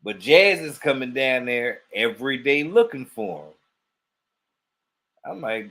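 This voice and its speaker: A man's voice: medium pitch, expressive, normal speed, a bit bright. A man telling a long story in casual chat, acting out quoted dialogue and laughing often. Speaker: podcast co-host.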